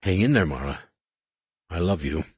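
A worried Jedi husband speaks in a firm, measured, reassuring way in an audiobook, as a man reads him. The voice is low and husky. The sound is close and dry. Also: expressive, dry recording, heavily acted. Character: Luke, anxious male Jedi husband, firm.

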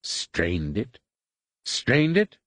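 A man voicing a mad, crippled alien master who swings between cold calm and shrill rage, in a husky, pitched-up voice. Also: drawn-out words, no room sound, full character voice. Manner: erratic, imperious, shifting between calm and screeching.

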